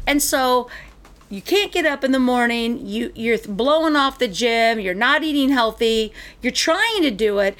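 A woman's voice: high voice, a bit bright. A middle-aged woman in casual chat, ranting animatedly as she tells a story and acts out both sides of the exchanges.

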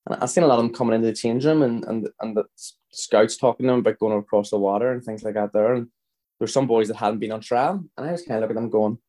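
This fast-talking footballer from Northern Ireland, in his thirties, has a dark voice on the low side. As a podcast guest he tells meandering stories casually, keeps restarting, and regularly asks the listener "you know what I mean".

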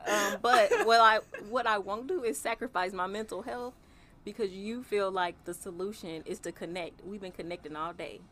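A woman co-hosting a laid-back podcast who speaks bluntly and candidly. Her voice is bright and a little sharp. She sits at a middle pitch for a woman. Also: moderate pace. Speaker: podcast co-host. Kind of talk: casual chat.

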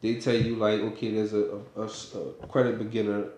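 A man in casual conversation, explaining things matter-of-factly in relaxed slang. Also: lowish voice, fairly quick. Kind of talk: casual chat. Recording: echoey room.

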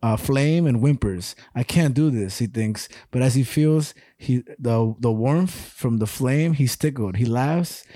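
A man's voice: mid-range voice, a little slow, few pauses, mellow, no echo, clean studio sound. A young man co-hosting a podcast, laid-back and profane, laughing often as he tells a story and banters. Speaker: podcast co-host. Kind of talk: casual podcast chat, reading a comic story.

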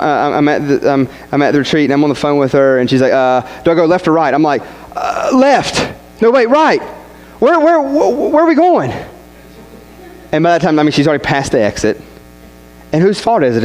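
A man's voice: fairly high pitch, a little mellow, rough recording. A young man, a student pastor preaching a sermon through a rambling, folksy personal story full of restarts. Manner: rambling, self-interrupting, folksy.

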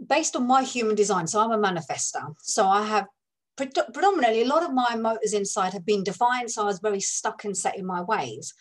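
A woman from London with a London accent, a guest on a podcast, talking about her coaching work in a chatty, relaxed way. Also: a little high. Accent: London English. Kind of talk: conversational interview.

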